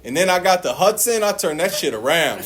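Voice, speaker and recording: A man's voice: a little high, fairly quick, crowd noise. A man giving a personal recovery testimony to a meeting audience, telling it as a profane, joking story, laughing often and acting out his own past lines in a livelier voice. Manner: laughs often and shifts into a lively voice when quoting himself.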